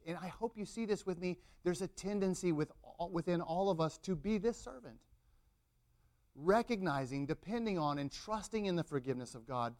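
A middle-aged man delivers a sermon in a voice pitched a little above average. He acts out the people in the story, building to dramatic intensity as he preaches.

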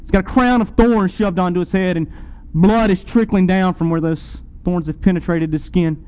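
A man preaching a sermon, retelling a scene dramatically to his listeners and swinging between loud and soft. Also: high-pitched, fairly even intonation, normal speed, clear, resonant tone, low-quality recording.

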